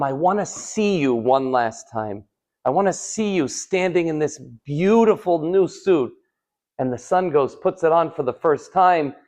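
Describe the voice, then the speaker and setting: Animated rabbi telling stories. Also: male voice, on the high side. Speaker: rabbi giving a Torah class. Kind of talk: live sermon with storytelling. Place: synagogue hall.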